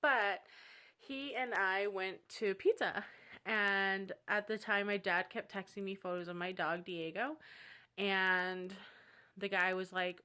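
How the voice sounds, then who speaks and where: Young woman vlogger, bright tone, candid and dramatic, casual chat. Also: medium pitch, fairly even intonation, measured pace, clear, resonant tone. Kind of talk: casual storytelling vlog.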